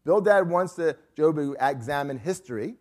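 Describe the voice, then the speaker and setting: A man leads a Bible class in a lively, swooping voice that rises and falls freely. His pitch sits a little high for a man. He talks emphatically and keeps checking in with the group as he teaches. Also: normal speed.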